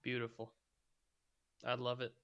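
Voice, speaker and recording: A man's voice: medium pitch, monotone, a little slow, fairly bright tone, lo-fi sound. A man chatting with friends, eager and teasing. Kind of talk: casual chat.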